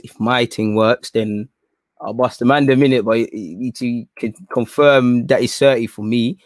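A man hosting a live stream in casual chat. He is slangy and rambling, and he shifts between low mutters and excited outbursts. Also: normal speed, no echo, studio quality.

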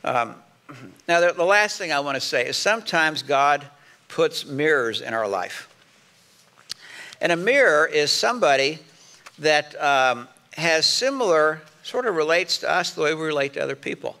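Gravelly, bright-voiced middle-aged male pastor. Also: on the high side, very animated, normal speed. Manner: conversational preaching with quoted example lines. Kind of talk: sermon.

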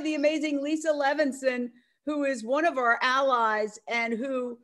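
Loud, animated woman on a video call. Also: sits high, normal speed. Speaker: media network founder speaking at an online event. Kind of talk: casual speech on a video call.

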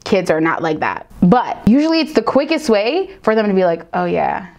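A woman teacher giving casual reaction commentary, animated and dramatic, slipping into quick put-on voices. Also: mid-range voice.

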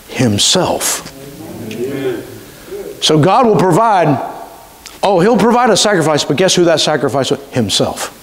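A man pastor, preaching a sermon with emphatic delivery and slowly stretched key words. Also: mid-range voice. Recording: reverberant church hall.

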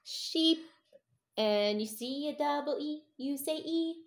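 A young woman teaching a toddler phonics at home, sounding out letters slowly in a sing-song, encouraging way. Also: high voice. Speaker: parent teaching a child to read.

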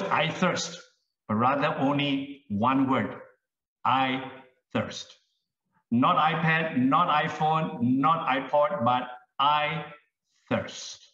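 A male pastor delivers a sermon in slow, emphatic phrases, letting long pauses hang. His fairly high voice carries from off the mic through a roomy church sanctuary, and the sound is a bit dull. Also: a bit bright, far from the mic.

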